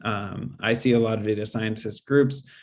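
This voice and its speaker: A man speaker answering audience questions in a webinar, measured and explanatory, with frequent fillers. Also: on the low side, steady tone, darkish tone, slight background noise. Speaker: guest speaker.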